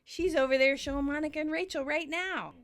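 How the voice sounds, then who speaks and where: A woman's voice: high-pitched, fairly quick, a bit bright, pitched above the performer's own voice. A woman reading as a chummy young guy. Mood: pleased. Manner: casual, chummy read-aloud of sitcom dialogue. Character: cheerful young man, a buddy retelling a win.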